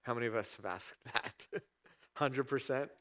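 A man delivers a sermon in a relaxed, conversational way, at a middle pitch. He reads scripture calmly and then jumps his voice up, louder and higher, to act out people's prayers and God's replies. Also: normal speed. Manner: conversational preaching, acts out prayers in raised voice. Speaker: pastor.

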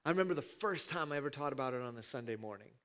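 A man preaching a sermon as pastor, dropping to a hush and then rising to shouts as he acts out scenes from the passage. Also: medium pitch, expressive, rapid-fire. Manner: dramatic swings from hushed to shouting, acting out scenes.

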